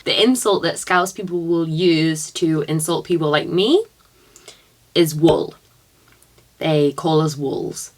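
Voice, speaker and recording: Young woman, casual vlog chat, slow and easygoing, thinking aloud. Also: low voice. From northwest England, near Liverpool. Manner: chatty, thinking aloud, quick laughs. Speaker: vlogger. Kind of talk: casual chat, reading quiz questions aloud.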